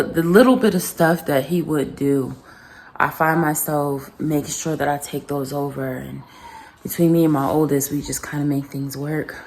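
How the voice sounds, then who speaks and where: A young woman talking earnestly and reflectively in a personal vlog, pausing and restarting as she speaks. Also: low-pitched, darkish tone, slight background noise. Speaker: vlogger.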